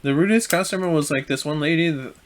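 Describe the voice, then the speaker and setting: A young man co-hosting a podcast, telling a story in a relaxed way with many fillers and restarts. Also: fairly high pitch, quick pace. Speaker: podcast co-host. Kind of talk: casual storytelling chat.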